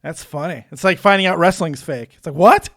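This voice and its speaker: A man's voice: fairly high pitch, brisk, a bit bright, no room sound, clean studio sound. A man co-hosting a live stream and taking callers, joking and teasing with frequent laughs. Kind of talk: casual live-stream chat.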